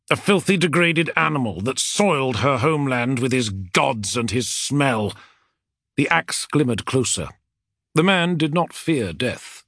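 A man reading a fantasy novel aloud as an audiobook narrator, with a dramatic, expressive delivery. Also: medium pitch, no echo, clean studio sound.

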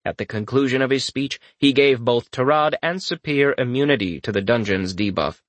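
Reading a fantasy audiobook, this male narrator tells the story expressively at a moderate pace. His voice is mid-range and the recording is dry.

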